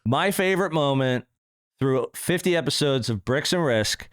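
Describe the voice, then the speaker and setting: A man's voice: medium pitch, expressive, normal speed, no echo, studio quality. A man co-hosting a podcast in casual chat, sarcastic and laughing often. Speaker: podcast co-host. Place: podcast studio.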